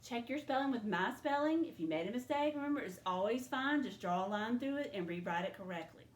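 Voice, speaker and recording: A woman's voice: a little high, expressive, a little fast, far from the mic. A woman teacher leading a spelling dictation lesson, patiently sounding out words letter by letter. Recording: echoey room, voice from the mic.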